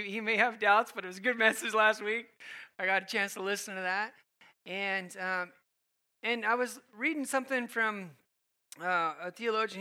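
A man's voice: high voice, pushed and bright. A man giving a sermon as guest preacher on a church stage, folksy and conversational, with fillers and restarts.

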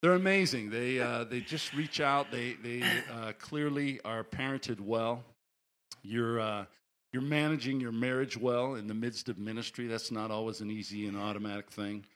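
A man's voice: mid-range voice, moderate pace, a bit bright. A man, the church's pastor, introducing a guest preacher with enthusiastic praise and fillers.

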